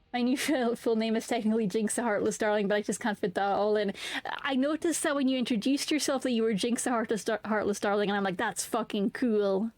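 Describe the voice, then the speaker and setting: A woman's voice: a little high, darkish tone, no echo. A young woman streaming casually, chatting to her viewers and humming filler tunes between remarks. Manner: bubbly, hums and sings filler tunes. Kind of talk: casual live-stream chat.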